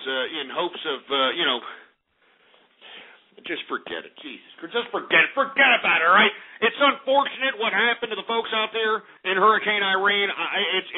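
A high-voiced, husky man rants and curses as host of a call-in show. His voice comes through thin and tinny, like a phone line, with faint music underneath. He sounds fed up and profane. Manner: profane, ranting, exasperated. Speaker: radio talk show host. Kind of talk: angry call-in show rant. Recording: tinny phone-quality internet radio with music.

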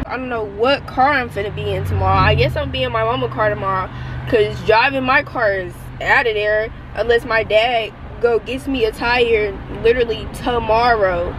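A woman's voice: on the high side, noisy background. A young woman vlogging from her car, frustrated and tearful, swearing and rambling as she talks. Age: young adult. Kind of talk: casual vlog rant. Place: parked car by roadside.

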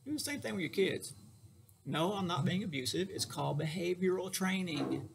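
A middle-aged man with a fairly high, heavily gravelly voice gives a casual lecture as a therapist. He talks in a folksy, joking way, speaking straight to his listeners. A faint hiss of noise sits under the recording. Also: expressive, moderate pace.

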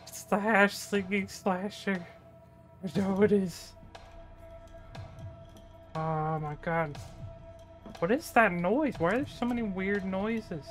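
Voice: mid-range voice, takes it slowly, pauses often, fairly bright tone, soft background music. A gaming channel host talking through a horror game playthrough, chattering nervously and breaking into panicked yelps.

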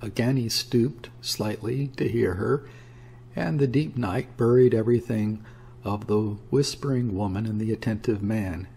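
A man reading a classic story aloud as an audiobook narrator, in a measured way. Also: medium pitch, gravelly, darkish tone, slightly rough.

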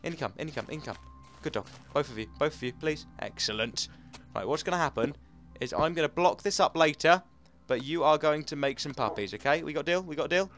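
A young man giving casual let's-play commentary, chatting to his pets and himself and jumping into high-pitched shouts. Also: fast, soft background music. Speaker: gaming channel host.

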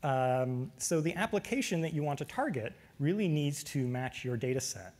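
A man giving a technical lecture, relaxed, with frequent fillers. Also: fairly high pitch, moderate pace.

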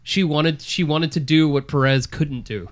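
A man's voice: a little high, moderate pace. A man co-hosting a podcast, jumping into the movie talk with short quips and agreement. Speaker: podcast co-host. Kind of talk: casual movie review chat.

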